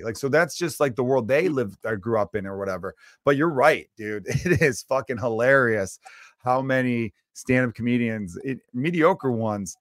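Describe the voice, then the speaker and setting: A man's voice: medium pitch, expressive, normal speed, no room sound. A man hosting a podcast in casual, crude, joking banter, with a dry close-mic sound. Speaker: podcast host.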